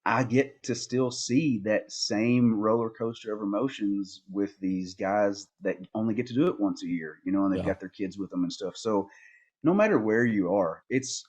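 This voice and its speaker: A man, a podcast guest and hunting outfitter, telling stories in a lively, animated way and often repeating words. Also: lowish voice, normal speed, husky. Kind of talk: casual storytelling conversation.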